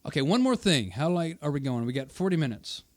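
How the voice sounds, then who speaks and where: A man's voice: on the high side, sing-song, fairly quick. A man hosting his channel, combatively rebutting a debate opponent's quoted remarks and hammering his points through repetition. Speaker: channel host. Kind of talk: argumentative commentary on a debate video.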